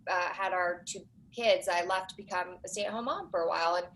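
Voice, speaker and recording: A woman in her forties, a documentary producer, chatting as a guest on a podcast with animated storytelling and quick asides. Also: fairly low pitch, rough recording. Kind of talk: casual interview chat.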